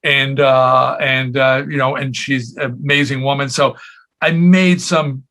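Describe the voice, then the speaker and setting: A man's voice: medium pitch, unhurried. A man in his sixties, a rock singer telling stories in a casual interview, slipping into quoted voices as he goes. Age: 60s. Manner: animated storyteller, jumps into quoted voices.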